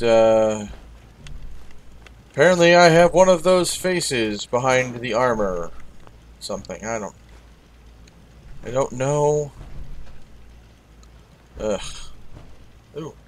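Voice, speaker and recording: A man's voice: medium pitch, slight background noise. A man hosting a let's-play, chatting with wry asides and answering the game characters. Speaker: gaming video host. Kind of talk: casual let's-play commentary.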